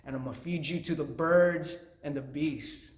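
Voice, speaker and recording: A man's voice: fairly high pitch, normal speed, echoey room, close to an everyday voice. A man voicing an arrogant giant warrior who mocks and taunts a boy. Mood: mocking. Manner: scornful, taunting.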